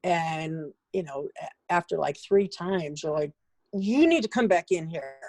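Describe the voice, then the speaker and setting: Woman parent, lowish voice, dry close sound, frank and exasperated. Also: expressive, unhurried, darkish tone, no room sound. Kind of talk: casual chat.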